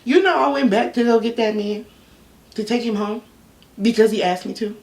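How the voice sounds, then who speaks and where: A young woman telling a personal story in a casual, candid vlog, full of slang and animated asides. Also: fairly high pitch, moderate pace. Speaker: YouTube storyteller. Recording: echoey room, a bit off-mic.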